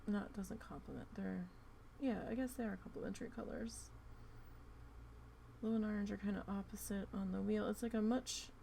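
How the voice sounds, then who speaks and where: A young woman with a New Jersey accent, chatting casually and thinking out loud while she works on a craft project. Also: medium pitch, normal speed, creaky, a little hiss or hum. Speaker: craft vlogger.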